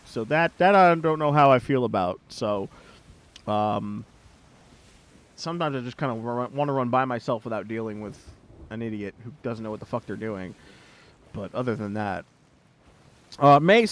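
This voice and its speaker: A man streaming a game, chatting casually with a teammate, swearing and laughing as he retells a fight. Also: medium pitch. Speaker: gaming streamer. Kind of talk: casual chat while playing a game.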